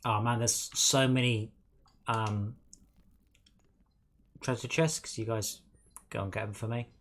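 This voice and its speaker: Bright-voiced man calling out targets. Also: fairly low pitch, steady tone, unhurried. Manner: chatty, self-mocking, calls out targets to teammates. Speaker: streamer coordinating a co-op game. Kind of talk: casual gameplay chat.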